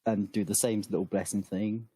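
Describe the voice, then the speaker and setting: A man playing a tabletop game, quick and joking with puns. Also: fairly low pitch, fairly even intonation, noisy background. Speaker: player. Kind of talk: tabletop game play in rhyme.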